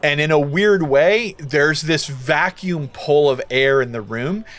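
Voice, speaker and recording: Casual game master, mid-high voice. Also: male voice, slow, a loud crowd. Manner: casual, animated storytelling with many fillers. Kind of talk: narrating a tabletop game.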